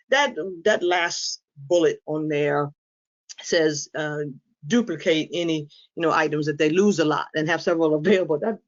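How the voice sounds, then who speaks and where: Animated woman speaker, muffled recording. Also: deep voice. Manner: lively storyteller who acts out quoted lines; frank and humorous. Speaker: inspirational speaker on dementia caregiving. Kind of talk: presentation to a support audience.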